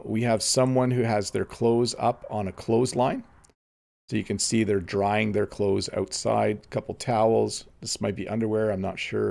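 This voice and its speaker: A man, teaching English in a relaxed live-streamed lesson. He thinks aloud, with frequent ums. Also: fairly low pitch, vocal fry. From Canada.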